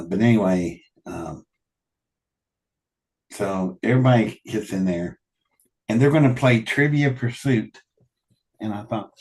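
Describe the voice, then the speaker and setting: A man telling animated anecdotes in a casual conversation, often laughing and quoting what people said. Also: fairly low pitch. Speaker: guest telling stories. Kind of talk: casual storytelling.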